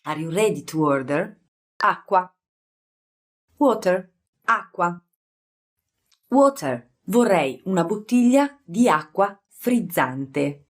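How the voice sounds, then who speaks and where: Slow, low-voiced Italian woman teacher. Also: big pitch swings. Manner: friendly, repeats words slowly and clearly. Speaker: language teacher. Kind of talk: casual vocabulary lesson.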